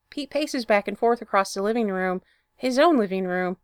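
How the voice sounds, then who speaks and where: A woman narrating fan fiction in an expressive storybook reading. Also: mid-range voice, normal speed, smooth, no room sound, clean studio sound.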